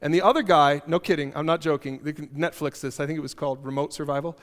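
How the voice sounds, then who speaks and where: A man with a high voice preaches a conversational sermon, moving between teaching and funny stories. He repeats his key phrases for emphasis. The sound carries a long reverb from a large church hall. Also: fast talker. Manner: animated storytelling with humor, repeats key phrases. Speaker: pastor. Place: church auditorium.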